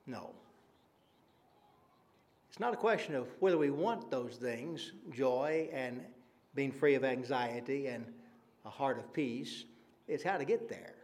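A man's voice: medium pitch, expressive, a little slow, pauses often, a little mellow. A man preaching an evening sermon in an earnest, conversational way, using rhetorical questions and frequent fillers.

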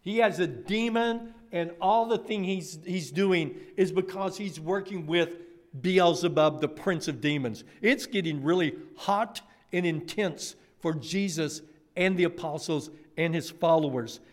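Man, sermon, animated storyteller, slightly high voice, talks to kids. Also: a little slow. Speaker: preacher.

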